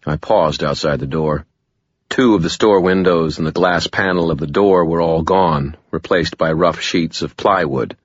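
Very deep-voiced man narrating an audiobook. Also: measured pace, no room sound, highs cut off. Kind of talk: first-person scripted narration.

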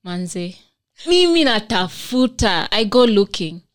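A woman's voice: mid-range voice, big pitch swings, slow pace. A young Kenyan woman with a Kenyan accent, hosting a casual podcast chat and explaining her points earnestly. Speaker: podcast host.

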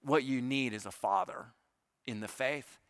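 A pastor giving a conversational sermon, often asking the congregation rhetorical questions. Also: male voice, mid-range voice, a little slow, a bit bright, dry recording, studio quality.

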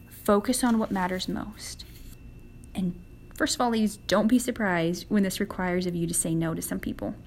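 A woman's voice: on the low side, vocal fry, a little hiss or hum. Earnest young woman giving a devotional. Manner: earnest and conversational, acts out quoted prayers. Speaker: women's devotional podcast host. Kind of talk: casual devotional talk.

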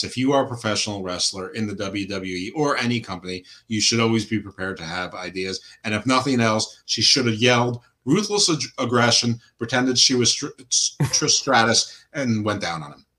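A man's voice: lowish voice, sharp tone. A man co-hosting a podcast, giving blunt opinions and crude, sarcastic jokes in casual chat. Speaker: podcast co-host.

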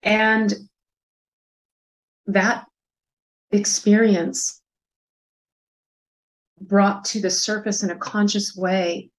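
Soft-spoken reflective woman in her fifties. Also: mid-range voice, poor audio. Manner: reflective, soft, hesitant with many fillers. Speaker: interview guest. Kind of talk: personal storytelling.

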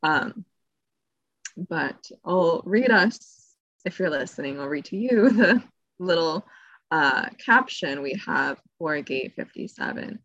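A fairly low-pitched woman talks casually as a podcast co-host, chatty and quick to laugh, often wandering off on tangents. Her voice is close and dry, with almost no room sound around it. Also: lively intonation, a bit bright, no room sound, muffled recording. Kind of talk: casual explanatory chat.

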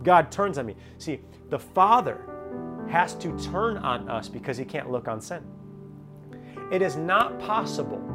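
A young man preaching a sermon as pastor, moving from quiet storytelling to loud, fervent appeals. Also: fairly high pitch. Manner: storytelling with homely family examples.

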